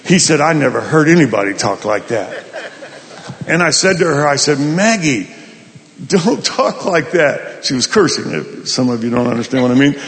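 A male pastor telling a folksy, animated story in a sermon. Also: mid-range voice, brisk, in a large hall. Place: large hall at a summit.

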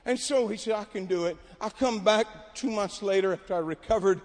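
A man preaching a sermon at a camp meeting, telling stories and building to shouted exhortation. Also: high voice, a little fast. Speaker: pastor. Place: large hall at a camp meeting. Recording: long hall reverb.

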